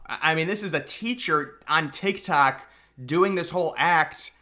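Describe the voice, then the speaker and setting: A man's voice: on the high side, measured pace, sharp tone. A young man giving a casual political commentary rant, full of sarcasm and mocking, exaggerated outbursts.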